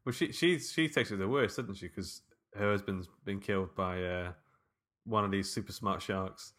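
A man's voice: sits low, moderate pace, fairly bright tone. A man co-hosting a casual film commentary chat, rambling with fillers and frequent laughter. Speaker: podcast co-host.

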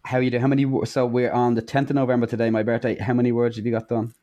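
A man co-hosting a podcast. He chats in a friendly way, with quick interjections and questions for his co-host. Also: mid-range voice, flat delivery, mellow, dull audio. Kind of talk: casual chat.

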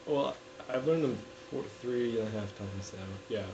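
A man playing a forty-year-old who insists he is only ten years old, earnest and deadpan in an improvised comedy interview. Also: mid-range voice, moderate pace, dull audio, noisy background, close to an everyday voice. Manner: deadpan, earnest, breaks into laughter. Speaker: interview guest.

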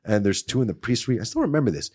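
A man with a husky, slightly breathy voice chats casually on a podcast. He tells stories with plenty of swearing and lively build-up. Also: medium pitch, very fast. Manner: swearing, animated storytelling with acted-out quotes. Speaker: podcast guest.

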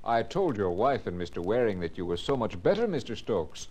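A silky, sinister asylum director. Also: male voice, on the low side, very animated, brisk, a little mellow. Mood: silky menace. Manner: smooth, silky and menacing. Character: suave male asylum director, cold and sinister. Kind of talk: 1940s radio acting.

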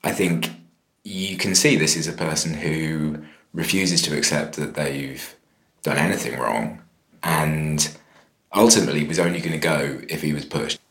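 A man's voice: very deep voice, a little slow, fairly bright tone, echoey room. A man giving frank interview commentary, hesitating often with fillers.

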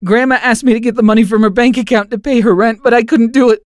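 A man's voice: high voice, lively intonation, moderate pace, pitched above the performer's own voice. A man voicing a teenage boy who pleads in a choked, tearful way.

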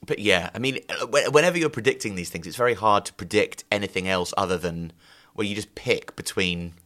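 A man's voice: on the low side, brisk, fairly bright tone. A man co-hosting a motorsport podcast, chatting and laughing easily as he hedges his opinions. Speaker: podcast co-host. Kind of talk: casual chat.

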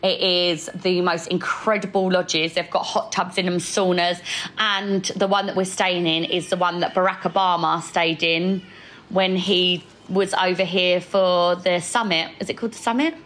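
Chatty young woman, a bit low. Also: steady tone, moderate pace, fairly bright tone, low-quality recording. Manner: chatty, upbeat, planning aloud. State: heavily pregnant. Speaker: podcast co-host. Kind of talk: casual chat.

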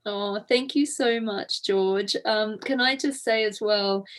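A woman guest on a podcast, chatting in a warm, rambling way. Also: mid-range voice, slow pace. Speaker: guest author. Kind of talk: casual interview chat.

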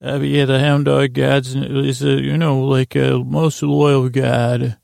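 A man riffs in character as an earnest young king, his voice heavy with gravel and fry. He stumbles and restarts as he rambles through the comedy bit. The sound is dry and close. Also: medium pitch, little pitch movement, darkish tone, dry recording. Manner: rambling, halting, full of restarts. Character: earnest boy king Tommen. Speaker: comedy podcast host.

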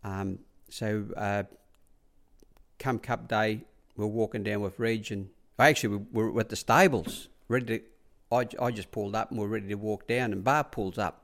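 A man's voice: on the low side, steady tone, normal speed, gravelly, a bit bright. A man with an Australian accent recalls his time as a track rider in a casual, rambling way. He keeps repeating "he said" and "I said" as he tells his stories. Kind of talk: casual anecdotal storytelling.

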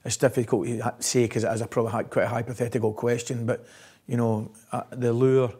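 In an anecdotal interview chat, a Scottish-accented ex-football coach spins lively stories, laughing a lot and tossing in "right?" at every turn. His mid-range voice is slightly rough and his pace is quick.

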